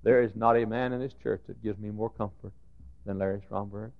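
A middle-aged man preaching a sermon, dropping to hushed storytelling and rising to shouted outbursts. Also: on the low side, fairly even intonation, brisk, gravelly, phone-quality sound. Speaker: pastor. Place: church sanctuary.

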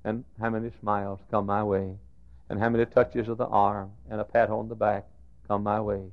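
A middle-aged man preaching a sermon, dropping to hushed storytelling and rising to shouted outbursts. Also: fairly low pitch, little pitch movement, normal speed, dull audio. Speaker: pastor. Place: church sanctuary.

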